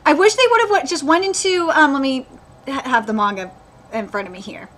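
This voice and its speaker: A woman's voice: high voice, fairly quick, a bit bright. A woman hosting a live anime reaction, ranting with exasperation and swearing freely as she checks details against the manga.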